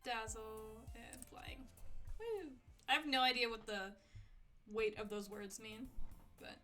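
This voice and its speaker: Chatty high-voiced woman streamer. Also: slow, sharp tone, faint music behind. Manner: chatty, laughs often. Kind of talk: casual let's-play commentary.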